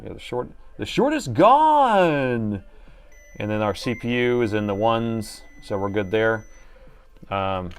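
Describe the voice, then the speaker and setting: A middle-aged man chatting through a live laptop repair, joking about himself as he works. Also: fairly low pitch. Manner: chatty and self-mocking, talking while working. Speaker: repair technician streamer. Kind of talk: live repair stream commentary.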